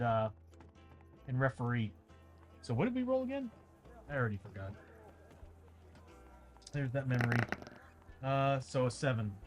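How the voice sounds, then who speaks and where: A chatty man runs a tabletop game on stream, rambling on to his viewers at a middling pitch. His throat sounds dry. Faint ambient music plays softly behind him. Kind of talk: casual livestream chat.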